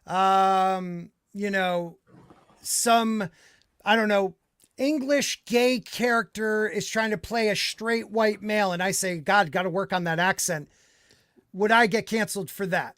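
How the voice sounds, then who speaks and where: A man's voice: high-pitched, fairly even intonation, slow, a bit bright, no echo. A man hosting a podcast in casual chat, ranting in an exasperated, profane way. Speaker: podcast host.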